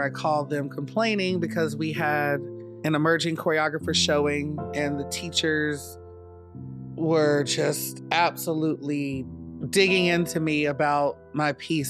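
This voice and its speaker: A man from North Carolina tells his story in a reflective, measured way for a documentary interview. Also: fairly high pitch. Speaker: dance company founder. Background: soft guitar music.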